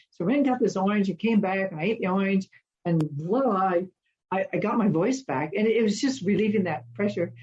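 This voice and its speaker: Woman telling lively stories, slightly muffled. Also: lowish voice, brisk. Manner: animated, acts out voices in her stories. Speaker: guest. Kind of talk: storytelling in an interview.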